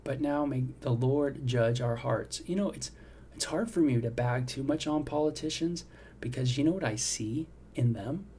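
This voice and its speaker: A man's voice: mid-range voice, normal speed, mellow, slight background noise. A middle-aged man giving a devotional Bible teaching in a conversational, reflective way, often asking "right?" and saying "you know.". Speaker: devotional host.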